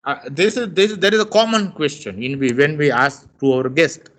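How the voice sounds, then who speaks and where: A man's voice: a little high, a bit bright. A man teaching a lesson on intonation, stretching his rises and falls to demonstrate each tone. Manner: slow, exaggerated rises and falls to demonstrate tones. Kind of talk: lecture on intonation.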